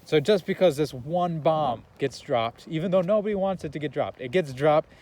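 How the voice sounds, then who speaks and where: A man's voice: on the high side, lively intonation, moderate pace, a little mellow, rough recording. A young man in casual chat, recapping a film in a rambling way, with lots of fillers and laughter.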